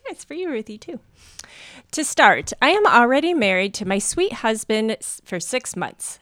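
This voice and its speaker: Woman reading out a listener story, pitch jumps all over, dry close sound. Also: moderate pace, no room sound. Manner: animated storytelling, laughs often.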